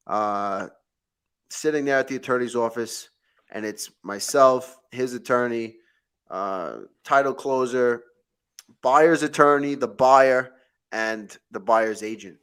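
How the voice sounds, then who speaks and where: A man, hosting a show and telling a story in lively, casual chat with many restarts. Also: mid-range voice, clean tone. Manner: animated storyteller, mimics a friend with frequent restarts. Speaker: host, real estate agent.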